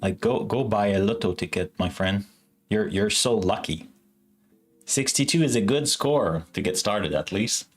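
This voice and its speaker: Slow, rambling male stream host. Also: on the low side. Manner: rambling, self-correcting, chatty with viewers. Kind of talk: casual live-stream chat.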